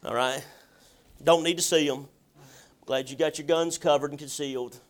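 Delivering a sermon, this male pastor speaks at normal speed in a high voice with fairly even intonation. His style is folksy and emphatic, and at times it rises to shouting.

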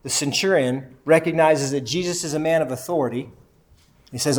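A man's voice: medium pitch, steady tone, brisk, darkish tone. A man teaching a Bible lesson to a group, reading scripture aloud and asking the listeners questions. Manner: asks the group questions and repeats their answers.

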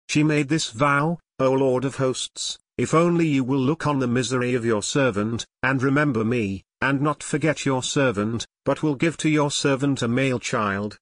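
A man reading a scripture passage aloud in a measured, even way for a church service. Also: mid-range voice, dry recording, studio quality. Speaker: scripture reader.

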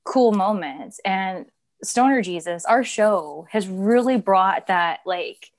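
A woman's voice: mid-range voice, expressive, takes it slowly. A woman in her thirties, a former wrestler co-hosting a live stream, talking in a rambling, chatty way with frequent laughs and swearing. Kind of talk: casual live-stream chat.

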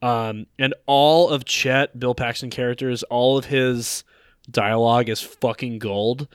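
Smooth, dry-voiced sardonic man. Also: mid-range voice, steady tone, unhurried, no echo. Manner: blunt, profane, sardonic. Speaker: podcast co-host. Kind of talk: casual podcast banter.

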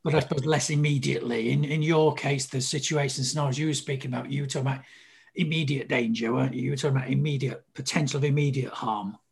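A man's voice: mid-range voice, fairly even intonation, quick pace, creaky, slightly rough. A man hosting a conversational interview, who hedges and checks his points with tag questions. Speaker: host, interviewer.

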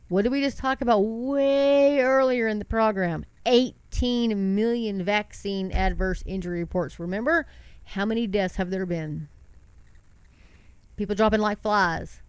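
Stuffed up with a sinus cold, a middle-aged online commentary host reads news aloud in a smooth mid-range voice at an ordinary pace. Her delivery is preachy and fervent, full of rhetorical questions aimed at her audience, and the audio is dry.

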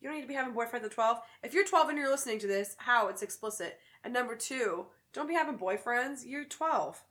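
A woman's voice: a little high, lively intonation, a little fast, fairly bright tone. A woman co-hosting a podcast, talking in an emphatic, opinionated, jokey way in casual chat. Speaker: podcast co-host.

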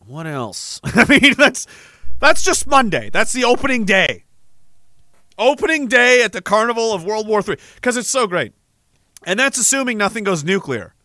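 Heated, profane man ranting, bright voice. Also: high voice, big pitch swings, normal speed, no echo, clean studio sound. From Canada. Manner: profane, heated, rambling with frequent restarts. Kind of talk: ranting casual monologue.

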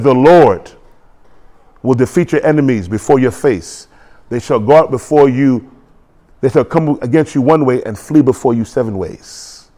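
A man's voice: mid-range voice, darkish tone. A man preaching a sermon in an emphatic call-and-response manner.

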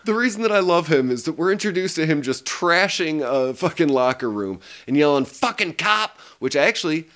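A man co-hosting a casual movie review podcast, animated, laughing often and swearing freely. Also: a little high, a little fast, hardly any pauses. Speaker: podcast co-host.

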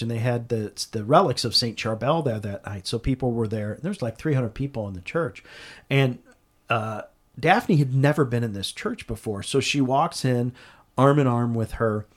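A man of ordinary pitch recounts a story as an interview guest. He speaks earnestly and grows animated, often restarting his sentences as he talks. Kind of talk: conversational storytelling.

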